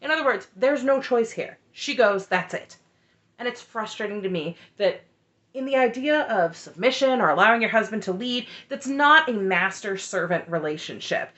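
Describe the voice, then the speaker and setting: A woman's voice: on the high side, normal speed. A woman recapping a reality show in a casual, opinionated way, with candid commentary and frequent asides. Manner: candid and animated, talks through her frustration with frequent asides.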